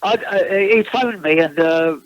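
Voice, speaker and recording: An older man with a fairly high voice chats his way through old tour stories, often restarting sentences and chuckling as he goes. The sound is dry and close, with a dull, lo-fi quality. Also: a little slow, no echo. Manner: chatty, rambling with frequent restarts and chuckles. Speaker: guest musician, former backing singer. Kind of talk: casual interview anecdotes.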